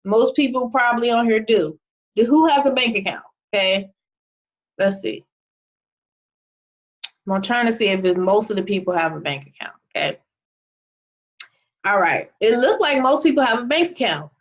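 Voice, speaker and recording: A woman's voice: a little high, lively intonation, moderate pace, long pauses. A young adult woman giving a casual presentation on a video call, chatty and often checking in with "okay?". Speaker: online marketing presenter. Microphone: video call microphone. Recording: muffled video call audio.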